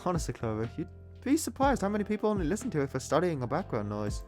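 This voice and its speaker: Guy doing a teasing college boy in a put-on british accent, cocky and cheesy, voice pushed up high. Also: wildly swooping pitch, quick pace, a little mellow, soft background music. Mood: mellow. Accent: attempted British. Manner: playful, cheesy, confident. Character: teasing cocky young male college date.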